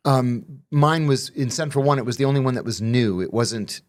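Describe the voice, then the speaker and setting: A man's voice: medium pitch, moderate pace. A middle-aged man, a former intelligence officer, talking in a casual conversation with emphatic, wry asides.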